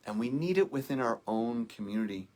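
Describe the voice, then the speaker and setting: A man giving a sermon as minister, speaking in a slow, measured, contemplative way with soft trailing phrases. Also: mid-range voice, lively intonation.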